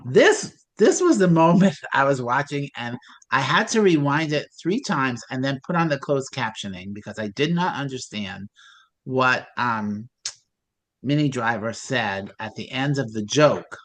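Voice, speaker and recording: An animated voice swings widely up and down while picking apart a film in a casual chat. It sounds incredulous, tossing out rhetorical questions and exasperated asides. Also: mid-range voice, a little slow. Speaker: film club panelist. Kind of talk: casual movie discussion.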